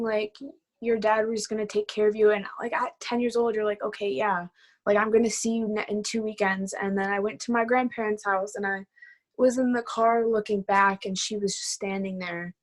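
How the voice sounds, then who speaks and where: A woman's voice: mid-range voice, fairly even intonation, moderate pace. A nineteen-year-old woman talking in a casual interview, her speech full of "like" fillers. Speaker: guest. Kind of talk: personal storytelling interview.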